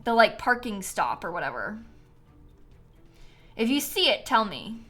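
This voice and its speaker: With faint music behind her, a woman streams a game and chats casually, giggling and thanking viewers who donate. She has a mid-range voice with a bright, forceful tone, very animated yet unhurried.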